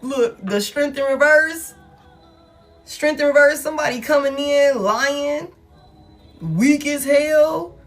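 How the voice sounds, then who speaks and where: Blunt, animated woman reading tarot. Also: high-pitched, slow, long pauses, faint music behind. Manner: blunt, profane, animated, laughs often. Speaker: tarot reader.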